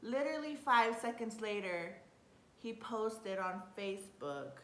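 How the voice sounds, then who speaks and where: A young woman telling a personal story in a casual vlog, chatty and excitable, often laughing and restarting her sentences. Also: unhurried. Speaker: vlogger. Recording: roomy with faint rumble.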